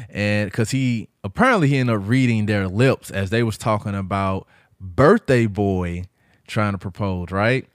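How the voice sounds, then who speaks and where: Animated man telling a story, dry mic. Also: on the low side, a little slow, dry recording. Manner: animated retelling, acts out quoted voices. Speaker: podcast host. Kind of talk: casual storytelling chat.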